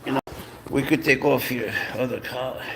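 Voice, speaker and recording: Man, casual pet live stream, playful coaxing tone, calls the cat bro, gravelly voice, faint background noise. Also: mid-range voice, fairly even intonation, moderate pace. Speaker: pet owner and channel host.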